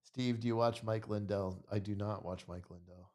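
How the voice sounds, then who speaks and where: A man's voice: lowish voice, fairly even intonation, normal speed, dark tone. A tired man hosting a live stream, rambling through casual commentary and swearing freely. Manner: rambling and profane.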